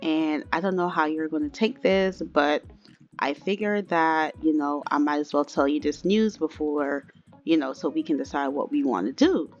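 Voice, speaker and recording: A woman doing a young woman in a life sim game who has made a big mistake and keeps defending herself. The voice sits fairly low and stays close to a plain everyday delivery, hesitant in some moments and sharp in others. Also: moderate pace, lo-fi sound, lightly acted.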